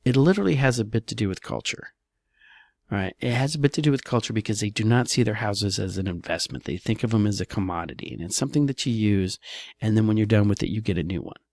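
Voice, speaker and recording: A man's voice: lowish voice, quick pace, a little mellow, dry recording, clean studio sound. A man, a real estate broker, talking casually in a solo podcast, loose and chatty, often saying "all right".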